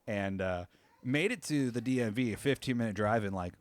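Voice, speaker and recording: A man co-hosting a podcast who tells a story in casual chat, swears freely and jumps into a high voice when he quotes people. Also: animated, a little fast, no echo. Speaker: podcast co-host.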